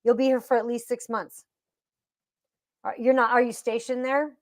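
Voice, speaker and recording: Fifties woman co-host, a bit high-pitched, chatty and meandering. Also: flat delivery, moderate pace. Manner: warm, rambling storyteller with restarts. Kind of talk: casual live chat.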